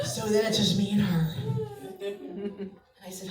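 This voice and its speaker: A woman in her forties doing a stand-up comedy set, telling a family story with lively storytelling and acted-out voices. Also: mid-range voice, a little slow, long pauses, noisy background. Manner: animated storytelling, acts out family members. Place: club stage. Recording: roomy live club sound, mic picked up from a distance.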